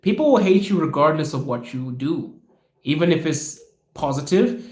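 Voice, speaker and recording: A man hosting his own podcast, answering viewer questions in a casual, animated way and acting out the people he quotes. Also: fairly high pitch, normal speed, reverberant. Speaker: podcast host. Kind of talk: casual Q&A monologue. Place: lives in Russia.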